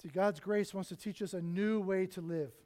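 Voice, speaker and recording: A man preaching a sermon in earnest, his voice swelling loud and then dropping almost to a hush, acting out prayers and Bible figures as he goes. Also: sits high, normal speed. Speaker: pastor.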